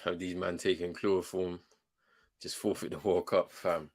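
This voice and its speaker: A man's voice: low voice, little pitch movement, moderate pace. A young man reacting to a football match live as a watchalong host, slangy and exasperated, often breaking into laughter.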